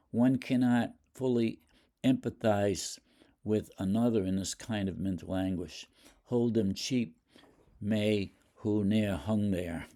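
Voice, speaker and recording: Slow, mellow-voiced male lecturer. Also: fairly low pitch. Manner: deliberate, with fillers and restarts. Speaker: literature lecturer. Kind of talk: explaining poetry.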